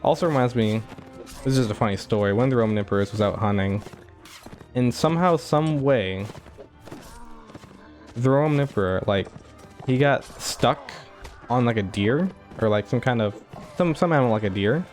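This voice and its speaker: A man's voice: mid-range voice, lively intonation, moderate pace, pauses often, darkish tone, faint music behind. A man giving casual, rambling commentary over his own game playthrough, full of filler words and chuckles. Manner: rambling, heavy use of "like" fillers, chuckling asides. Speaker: gameplay commentator.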